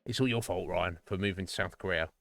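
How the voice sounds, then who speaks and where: A man's voice: deep voice, fast, a bit bright, no room sound, faint music behind. A man chatting casually on his live stream, rambling and restarting his sentences and swearing offhandedly. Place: home streaming setup.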